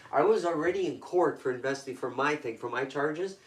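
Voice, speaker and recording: Guy from toronto telling rough stories, blunt and swearing a lot, kinda far from the mic. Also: a little high. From Toronto, Canada. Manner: blunt, profane, rapid street talk. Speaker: guest. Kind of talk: intense personal storytelling. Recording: echoey room, voice off-mic.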